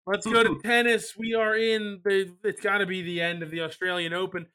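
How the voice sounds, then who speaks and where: Male podcast host, high and bright voice, wry ranting banter. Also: flat delivery, normal speed. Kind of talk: casual sports betting podcast chat.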